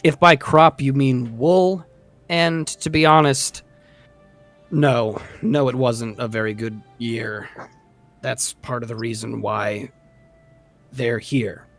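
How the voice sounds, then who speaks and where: A man doing a weary, soft-spoken official. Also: medium pitch, steady tone, slow, long pauses, faint music behind. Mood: dry. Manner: weary and dry. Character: exhausted middle-aged male official.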